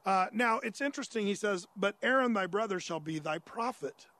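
A pastor teaching through a Bible passage in a conversational sermon, raising listener questions and answering them, with frequent "uh" fillers and restarts. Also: male voice, high voice, expressive, normal speed, sharp tone, no room sound.

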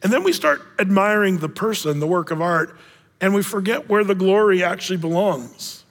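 A man preaching a sermon as pastor, animated and jokey, acting out little voices as he tells stories. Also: high-pitched, moderate pace, big-room sound.

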